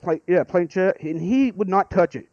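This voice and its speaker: A man calling in to tell a rambling story, excitable and swearing freely. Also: high voice, moderate pace, no echo, lo-fi sound. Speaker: caller. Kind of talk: casual storytelling.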